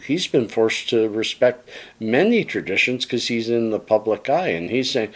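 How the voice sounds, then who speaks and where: A man's voice: on the low side, expressive, normal speed. A man vlogging, giving his opinions in a folksy, musing way and calling his viewers friends. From Canada. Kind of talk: casual opinion monologue to camera.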